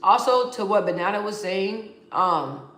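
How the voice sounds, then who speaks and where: This vlogger, a young adult woman, has a mid-range, fairly bright voice with lively intonation and a measured pace. Emotional and rambling, she speaks candidly in a casual, heartfelt way, restarting often and repeating words, with a roomy echo around her.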